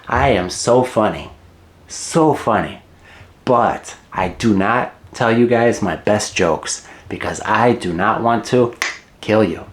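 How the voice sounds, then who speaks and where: A man's voice: fairly low pitch, slow pace. A middle-aged man teaching English in a casual, joking way, repeating key words and chuckling at his own asides.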